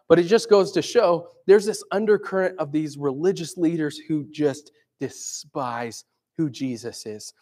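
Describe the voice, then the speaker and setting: A man delivers a sermon with a somewhat raised pitch for a male voice. He talks in a loose, conversational way and keeps turning to his listeners with questions. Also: measured pace, darkish tone. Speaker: preacher.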